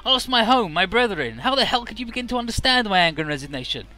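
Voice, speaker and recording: Man playing a vengeful alien villain, shrill and furious, lively voice, bright edge. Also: quick pace, soft background music, heavily acted. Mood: bitter.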